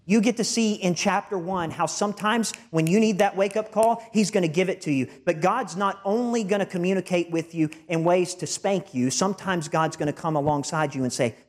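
A pastor preaching a sermon in an earnest, emphatic way, with stumbling repeated words. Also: male voice, high-pitched, brisk, hardly any pauses.

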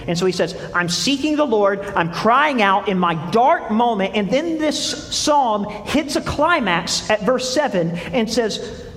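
High-voiced preacher in a reverberant hall. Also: male voice, a bit bright. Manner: reads scripture aloud, asks the congregation questions. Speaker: pastor. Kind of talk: sermon.

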